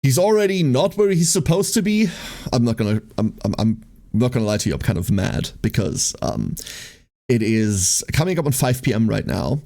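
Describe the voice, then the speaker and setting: A man's voice: mid-range voice, big pitch swings, moderate pace, creaky, warm tone. A young man livestreaming, venting casually to his viewers in a rambling way, with lots of "like" and swearing.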